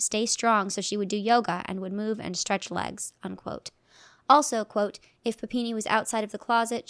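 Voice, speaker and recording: Woman reading a legal document, measured. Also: medium pitch, no room sound, clean studio sound. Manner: measured, plain delivery, marking each quotation aloud.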